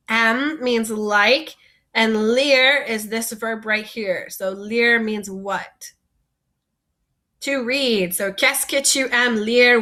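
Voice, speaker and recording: A woman's voice: a little high, sharp tone. A woman teaching a French vocabulary lesson, patiently asking learners to repeat words after her.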